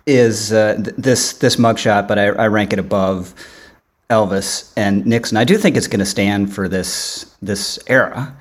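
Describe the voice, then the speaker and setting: Halting male podcast host. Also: fairly low pitch. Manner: halting, frequent restarts and stumbles. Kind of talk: casual political panel chat.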